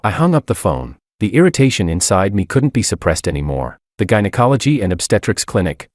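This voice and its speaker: A man reading a first-person story as its narrator, in a measured, dramatic storytelling manner. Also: fairly low pitch, big pitch swings, a little mellow, dry recording, studio quality.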